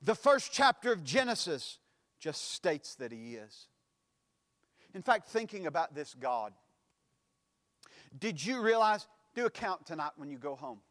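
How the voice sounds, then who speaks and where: A male pastor preaching a sermon, with a preaching cadence that swells into sudden loud emphatic lines. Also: a little high, sing-song, measured pace, long pauses, big-room sound.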